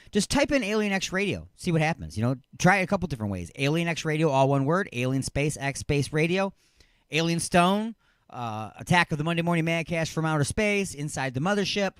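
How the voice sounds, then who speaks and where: A man hosting a live radio talk show, plugging his station in a loose, rambling way with playful jokes, swinging from loud hype to mumbled asides. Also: a little high, smooth, dry recording, studio quality. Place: radio studio.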